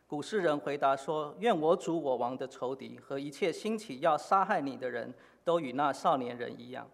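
A man preaching a sermon in short phrases, pausing often with fillers for an interpreter. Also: medium pitch, vocal fry. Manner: halting, many filler pauses. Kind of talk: sermon in Chinese with live interpretation. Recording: long hall reverb.

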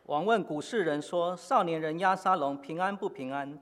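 A man preaching a sermon in short phrases, pausing often with fillers for an interpreter. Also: a little high, a bit bright. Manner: halting, many filler pauses. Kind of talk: sermon in Chinese with live interpretation. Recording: long hall reverb.

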